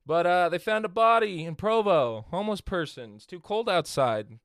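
A male podcast host with a slightly raised, smooth and resonant voice. He sounds congested from a head cold and talks in a loose, chatty way, full of fillers and restarts. The recording is dry and close. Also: sits high, lively intonation, normal speed, fairly bright tone, dry recording. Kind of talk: casual podcast chat.

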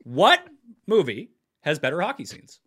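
A man hosting a casual podcast, arguing and teasing his co-hosts and swearing now and then. His voice is bright and forward, with a lively, swooping pitch and a fairly high register. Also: fast talker. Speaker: podcast host. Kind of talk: casual chat.

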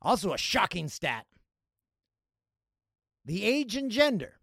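A Canadian man hosting a casual solo podcast, jokey and animated, with loud playful outbursts. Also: high voice, slow, vocal fry, pauses often, dry recording, clean studio sound. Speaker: podcast host.

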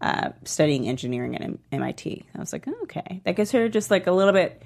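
A woman chatting casually as a podcast co-host, opinionated and animated, acting out quotes with laughs. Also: fairly low pitch, fast, vocal fry. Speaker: podcast co-host discussing a TV show. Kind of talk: casual chat.

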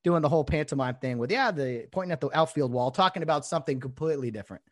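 A man's voice: fairly high pitch, racing, dry recording, clean studio sound. A man hosting a casual conversation, an ex-umpire telling stories and laughing often. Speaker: former umpire, podcast host.

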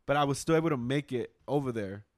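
A young man co-hosting a podcast, talking loudly and swearing a lot in casual chat. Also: medium pitch, quick pace, no room sound, clean studio sound. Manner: loud, swears a lot, says bro. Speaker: podcast co-host.

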